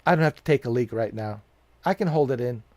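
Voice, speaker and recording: A man's voice: mid-range voice, lively intonation, fast talker, darkish tone, dry recording. A man streaming a video game, chatting casually and joking with his viewers, laughing often. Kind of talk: casual live-stream commentary.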